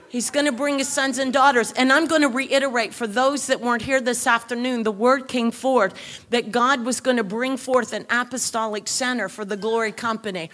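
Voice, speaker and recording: A woman preaching a sermon at a church service, telling a story and rising to shouted exhortation. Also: fairly high pitch, steady tone, moderate pace, slight background noise.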